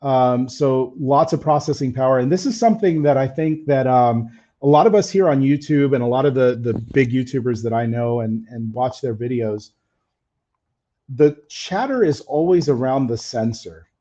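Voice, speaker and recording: Male stream host, easygoing and candid, slightly faded mellow voice, dull audio. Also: mid-range voice, normal speed. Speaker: camera-gear channel host. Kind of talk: casual live stream chat.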